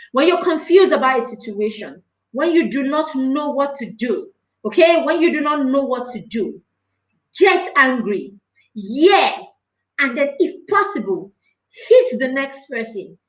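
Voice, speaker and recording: Woman, parenting coach, emphatic and repetitive delivery, high voice, echoey room. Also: dull audio. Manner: earnest and emphatic, repeats phrases for stress. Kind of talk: live parenting talk.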